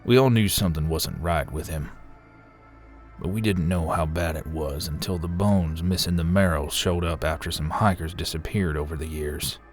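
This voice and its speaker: An actor playing a grim, tight-lipped male park ranger who speaks in a low, serious, quietly ominous way in a horror story. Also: normal speed, soft background music, close to an everyday voice.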